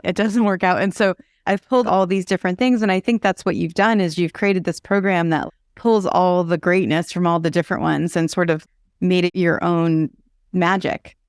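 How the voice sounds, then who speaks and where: Smooth, encouraging woman host. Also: fairly low pitch, no echo, studio quality. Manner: encouraging, conversational. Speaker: podcast host. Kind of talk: interview talk.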